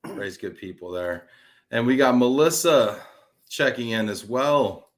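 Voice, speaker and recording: A man hosts a live webcast with lots of energy, joking and teasing his guest. His voice sits at an ordinary middle pitch, and he reads viewers' comments aloud with easy enthusiasm. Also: expressive, a little slow. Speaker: host.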